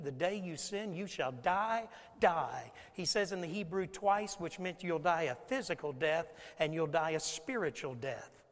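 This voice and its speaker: High-voiced preacher in a reverberant hall. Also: male voice. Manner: storytelling preacher, acts out scenes and asks the congregation questions. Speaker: pastor. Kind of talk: sermon.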